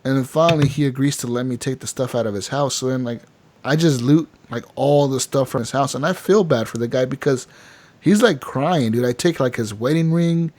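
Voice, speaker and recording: A man's voice: medium pitch, brisk, a little mellow. A man co-hosting a gaming podcast, rambling through game stories with lots of "like" and "dude". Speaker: podcast co-host. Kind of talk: casual chat.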